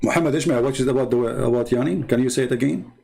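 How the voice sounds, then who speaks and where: A man's voice: medium pitch, fast, creaky, warm tone. A man hosting an online commentary show, speaking in a mocking, argumentative way. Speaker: host.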